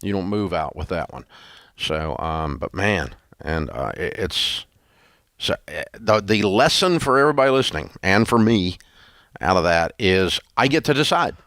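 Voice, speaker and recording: A man's voice: low-pitched, very animated, moderate pace, fairly bright tone, dry recording. A man hosting a talk show in a studio, talking in a blunt, folksy, rambling way. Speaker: radio show host. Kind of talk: casual talk show chat.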